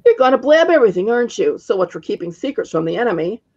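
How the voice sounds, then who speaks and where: Woman putting on a raspy old witch. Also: mid-range voice, very animated, quick pace, a little mellow, muffled recording. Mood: cranky. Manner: snappish, scolding.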